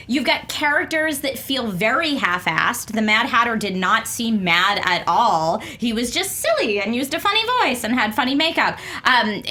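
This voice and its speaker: A young woman making her case on a comedy debate panel. Her voice is high and bright, and she is lively and opinionated, tossing in quick asides.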